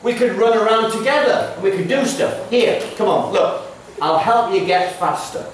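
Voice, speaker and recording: A bossy little show-off chicken who never stops bragging about his speed, as a man puts him on. The voice rides high and bright, and it echoes around a room from a distance. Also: normal speed, slight background noise, lightly acted. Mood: coaxing. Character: boastful fast-running chicken, male, restless.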